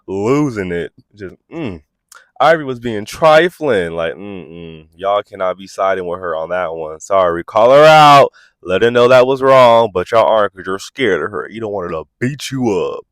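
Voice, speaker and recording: A man hosting a reality TV review vlog, talking in a sassy, animated way and acting out quotes in exaggerated voices. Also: on the low side, no room sound. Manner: animated, sassy, quick asides. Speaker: host.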